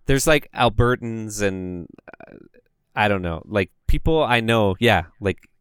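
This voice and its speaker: A man co-hosting a casual chat, relaxed and swearing in passing. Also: on the low side, unhurried, smooth, dry recording, studio quality. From Canada. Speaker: podcast co-host.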